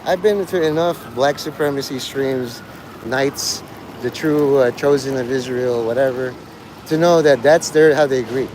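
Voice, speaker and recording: A man's voice: mid-range voice, measured pace, darkish tone, slight background noise, rough recording. A man chatting crudely and sardonically on a rambling live stream.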